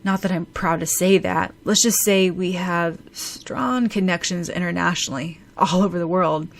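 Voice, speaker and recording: A woman's voice: fairly low pitch, normal speed, lightly acted. A woman reading an audiobook, voicing a grumpy, harried teenage boy who sounds exasperated and groans his complaints. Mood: weary.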